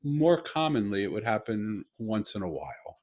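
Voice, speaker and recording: Low husky man telling a personal story. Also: highs cut off. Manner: earnest, halting with restarts, rising to animated emphasis. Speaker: podcast host. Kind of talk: conversational storytelling. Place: home room over video call. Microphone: video call.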